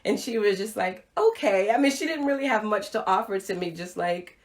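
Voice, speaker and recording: A middle-aged woman giving a motivational livestream talk, telling a personal story with animated acted-out dialogue. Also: medium pitch, fairly quick. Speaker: motivational speaker. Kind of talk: Facebook Live talk to viewers.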